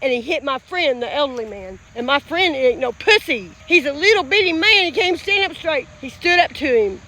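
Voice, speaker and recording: Woman vlogger, high-pitched, profane and repetitive, recorded outdoors in the country. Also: animated, moderate pace, pushed and bright. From Indiana. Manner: blunt, profane, fired-up and repetitive. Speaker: vlogger in recovery. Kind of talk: emotional straight-to-camera vlog. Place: outdoors in a rural field.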